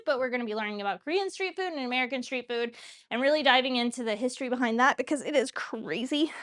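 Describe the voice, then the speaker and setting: A young woman with a high, bright-pitched voice chats her way through cooking in her home kitchen. She rambles, jokes about herself and keeps up casual banter with her viewers as she works. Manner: chatty, self-mocking, talks while cooking. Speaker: cooking show host.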